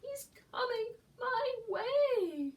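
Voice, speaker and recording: A small frightened boy from a storybook yelps and pleads in high, shaky cries, voiced by a woman. The voice swoops up and down. It sounds a little distant, as if the mic were across the room. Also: big pitch swings, slow pace, a bit bright, exaggerated voice. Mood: panicked.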